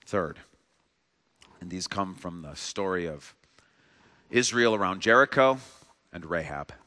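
A man's voice: low-pitched, animated, a little slow, sharp tone. A male pastor delivering a sermon in a church sanctuary, earnest, with a repetitive preaching cadence. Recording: long reverb of a large hall.

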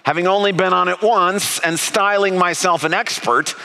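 Male preacher, conversational and earnest, bright tone, reverberant church hall. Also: high-pitched, steady tone, moderate pace, gravelly. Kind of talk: sermon with personal story.

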